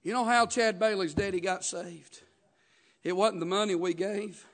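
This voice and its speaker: Male preacher, very high pitch, rhythmic sermon delivery with call-and-response. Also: a little slow. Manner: rhythmic preaching with frequent "uh" and "Amen?" call-outs, rising to shouts.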